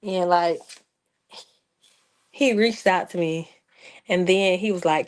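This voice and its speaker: A woman's voice: on the low side, slow pace. A young adult woman chatting casually to her viewers as a vlogger, sarcastic and talkative, calling them y'all.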